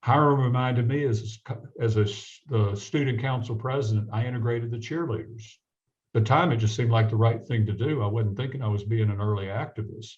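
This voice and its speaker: A man's voice: mid-range voice, a little fast. Southern guy telling a story, does all the voices, kinda dull lo-fi sound. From American South. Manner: animated storyteller acting out quoted voices. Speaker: guest physician. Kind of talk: storytelling in a conversation.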